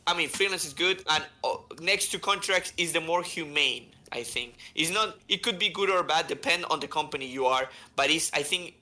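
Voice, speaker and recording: Animated guy hosting a podcast, kinda high, really bright voice, keeps saying right?. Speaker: podcast host. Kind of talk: casual storytelling chat.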